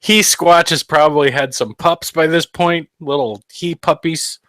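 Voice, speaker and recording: Joking podcast guy, fairly high lively voice, dry home mic sound. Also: unhurried, dry recording. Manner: joking, laughing between lines. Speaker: podcast co-host. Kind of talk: casual podcast banter. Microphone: headphones and home mic.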